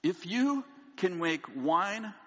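A man preaching a sermon, telling a funny personal story in an animated way and laughing often. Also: high voice, slow pace. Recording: long hall reverb, dull lo-fi sound.

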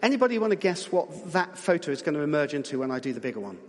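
High-voiced chatty preacher in a reverberant hall. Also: male voice, sing-song, racing. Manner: chatty, jokey, coaxing the congregation. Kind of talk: lively church talk with audience guessing.

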